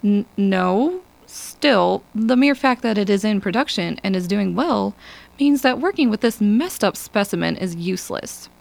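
A woman's voice: mid-range voice, animated, measured pace, creaky. A woman voicing a hesitant middle-aged male research director in an audiobook. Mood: pressing.

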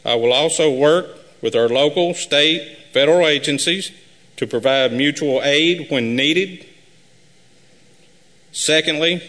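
A man running for sheriff, reading a prepared campaign speech at a live forum in an earnest, measured way. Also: on the high side, pushed and bright. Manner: earnest, measured, repetitive pledges. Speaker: sheriff candidate. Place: high school forum hall. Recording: live hall with long reverb.

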